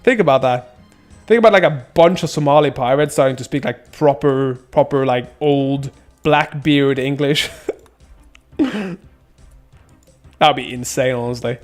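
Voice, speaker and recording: A young male streamer gives casual gameplay commentary, rambling and joking while reading chat, laughing often and making silly sound effects. His voice is medium-pitched and unhurried with frequent pauses, and faint music plays behind.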